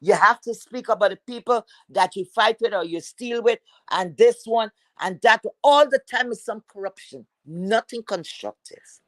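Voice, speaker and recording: Woman livestream host, heated profane rant, mid-pitched voice, dry close mic. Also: normal speed, hardly any pauses, no room sound. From Philadelphia. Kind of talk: ranting livestream callout.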